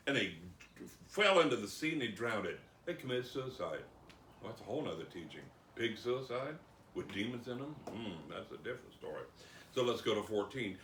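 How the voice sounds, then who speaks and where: A man teaching the Bible, reading scripture slowly and dramatically, then commenting. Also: mid-range voice, very animated, bright, forceful tone, a little hiss or hum. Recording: roomy echo, distant mic.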